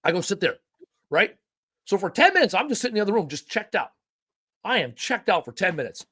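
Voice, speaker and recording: A lively male podcast host with a fairly high voice that swings widely in pitch. He talks in an emphatic, folksy way and swears without a second thought, keeping the chat loose and casual. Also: quick pace, husky. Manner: animated, emphatic, folksy and profane.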